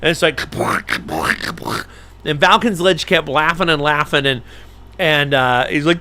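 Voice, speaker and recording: Man, middle-aged, lively storyteller, slightly high-pitched, acts out voices. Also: unhurried, gravelly. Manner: animated, acts out voices in his stories. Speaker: falconer hosting a live stream. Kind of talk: casual storytelling.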